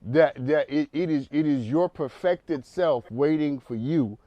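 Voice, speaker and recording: A man's voice: a little high, unhurried, no echo, highs cut off. A man hosting a counseling talk show, speaking emphatically in a preacherly way and repeating words as he builds a point.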